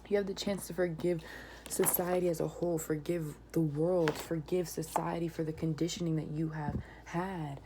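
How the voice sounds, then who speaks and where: A woman with a deep, low voice reads tarot cards aloud. She often sinks into a whisper and then bursts into excited exclamations. A steady hiss of noise sits under the home recording. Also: normal speed. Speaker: tarot reader. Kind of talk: tarot reading vlog.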